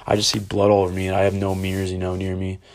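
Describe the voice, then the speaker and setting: Low, flat-voiced young man telling a story. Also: rapid-fire, gravelly. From Ohio, USA. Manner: rambling, candid, swears freely. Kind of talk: casual personal storytelling.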